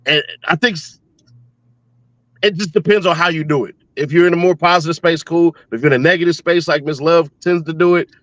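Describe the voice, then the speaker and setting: A laid-back man hosting a casual chat, his voice set a little high for a man. He rambles and restarts his sentences, recorded dry and a bit dull. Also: fairly even intonation, a little fast, a bit bright, no echo. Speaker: host.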